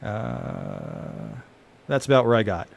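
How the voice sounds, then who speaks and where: A man casually reading his own screenplay aloud to friends, halting and laughing, with many fillers. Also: on the low side, big pitch swings, gravelly, highs cut off.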